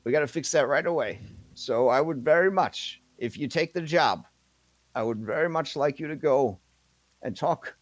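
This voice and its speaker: Brief: earnest woman official, as a man puts her on, a bit higher than his own voice, dry sound, tabletop game. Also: normal speed, no echo, lightly acted. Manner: earnest, repetitive, persuasive.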